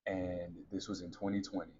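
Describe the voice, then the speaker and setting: A man's voice: sits low, little pitch movement, a little fast, mellow, lo-fi sound, a little hiss or hum. A man in his thirties, a podcast host, candidly telling a personal story to his listeners in a conversational way. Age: 30s.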